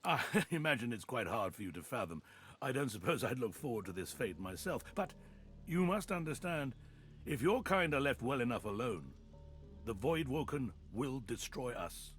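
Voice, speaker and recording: An actor playing a cruel, zealous male high judge in a video game, speaking in a silky, condescending way. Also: very animated, moderate pace, fairly bright tone, soft background music. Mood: sanctimonious.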